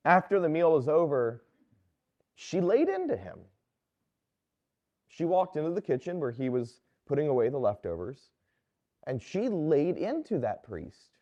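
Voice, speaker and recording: A Catholic priest giving a sermon in a conversational, storytelling manner. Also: male voice, fairly high pitch, very animated, a little slow, pauses often, warm tone, muffled recording.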